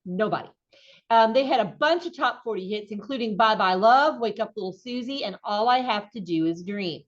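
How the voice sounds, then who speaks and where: A woman's voice: mid-range voice, lively intonation, moderate pace. Chatty middle-aged woman lecturing, lo-fi. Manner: casual and chatty, with frequent ums and restarts. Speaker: instructor. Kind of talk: conversational lecture. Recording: dull lo-fi recording.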